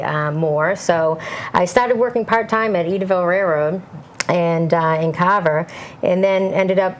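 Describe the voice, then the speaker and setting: A woman's voice: low voice, slight background noise. A woman talking casually as an interview guest, with lots of fillers and an upbeat tone. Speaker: event managing director, guest.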